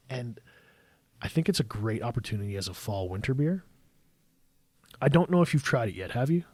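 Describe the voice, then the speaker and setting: A Canadian man talking casually as a podcast host, with a mid-pitched voice. He tells his stories in an animated way and laughs often. The sound is dry and close to the mic. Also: moderate pace, pauses often, no echo. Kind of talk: casual chat.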